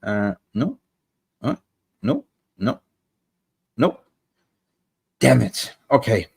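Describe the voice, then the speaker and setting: A man's voice: on the low side, big pitch swings, extremely slow, creaky, a little mellow, husky. A man hosting a live football stream, rambling and talking to his viewers while he searches online. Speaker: football livestream host.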